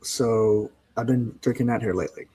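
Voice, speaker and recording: A man talking casually on a podcast, telling fast, animated stories about his busy workday. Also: medium pitch. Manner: fast, animated storytelling with exclamations. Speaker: podcast guest, fence business owner.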